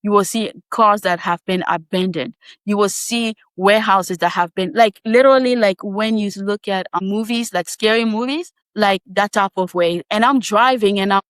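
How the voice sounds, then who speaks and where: A woman tells a personal story in a lively, chatty way, breaking into laughs and quick asides. Her pitch sits in an ordinary middle range. The recording is dry and close, with no room echo. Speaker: podcast guest. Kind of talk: casual storytelling.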